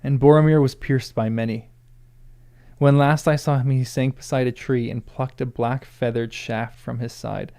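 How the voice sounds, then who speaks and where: A man reading a proud young male hobbit's lines aloud in his own gravelly voice, with stumbles and restarts. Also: medium pitch, fairly even intonation, normal speed, warm tone, close to an everyday voice. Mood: solemn.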